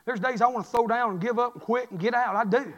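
A man, preaching a sermon as pastor, swinging from quiet murmurs to shouted fervor. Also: very high-pitched, fast talker, dull audio. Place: church sanctuary. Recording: long echo of a church sanctuary.

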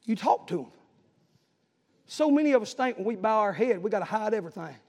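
A pastor preaching a sermon, telling stories and building to urgent appeals. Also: male voice, high-pitched, lively intonation, fairly quick, darkish tone, long reverb tail.

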